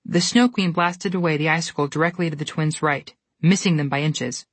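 A woman reads a storybook aloud with steady, expressive narration in a low, husky voice. She goes a little fast, and the recording is dry and close with no echo.

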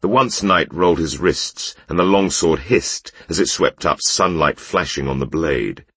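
A man narrating a fantasy story in a measured, unhurried way. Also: very deep voice, a bit bright, husky, dry recording. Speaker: audiobook narrator.

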